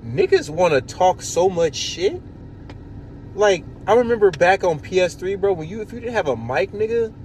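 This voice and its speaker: A man hosting a podcast in casual chat, telling profane, animated stories. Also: fairly high pitch, a little hiss or hum. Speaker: podcast host.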